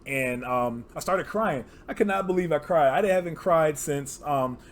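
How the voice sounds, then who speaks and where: A man's voice: fairly high pitch, unhurried, slight background noise. Teary, rambling young man on camera. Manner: rambling, heartfelt, many fillers. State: teary, emotional. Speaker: card game player and channel host. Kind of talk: casual to-camera vlog.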